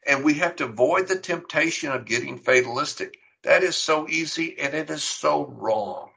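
A man's voice: on the high side, moderate pace, vocal fry, bright, forceful tone, poor audio. A middle-aged man preaching a sermon, teaching earnestly and emphatically, with rhetorical questions. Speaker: pastor.

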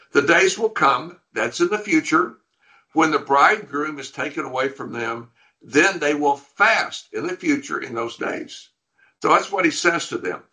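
A man with a bright, forward voice at middle pitch, teaching through a passage of scripture. He reads verses aloud and then explains them, often stopping to restart a phrase. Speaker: pastor.

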